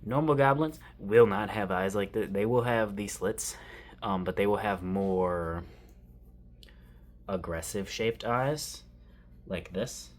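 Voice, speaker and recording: A man's voice: fairly low pitch, slow. A man giving casual, rambling commentary while he draws, thinking aloud to himself and poking fun at himself. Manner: casual and self-mocking. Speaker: artist drawing on camera.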